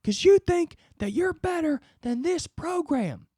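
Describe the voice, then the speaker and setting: A man putting on a furious football coach who berates a lazy player in a high, shouting voice. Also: animated, unhurried, no echo, studio quality. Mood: yelling, berating. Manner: shouting, berating, drill-sergeant harangue.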